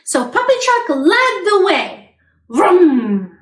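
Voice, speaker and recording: Female children's librarian, high lively storytime voice, slow and echoey. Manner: animated, sound effects and questions to kids. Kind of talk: reading a picture book aloud to children.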